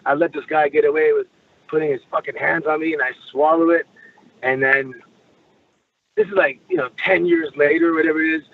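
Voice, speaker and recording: A man from Canada, a guest telling stories casually, rambling with restarts and swearing freely. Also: fairly high pitch. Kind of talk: casual storytelling. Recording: tinny phone-like line.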